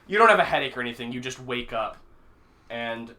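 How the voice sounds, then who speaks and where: A man's voice: mid-range voice, lively intonation, fairly quick, very noisy. A man narrating as game master in a tabletop game, often correcting himself mid-sentence. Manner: rambling, self-correcting, many fillers.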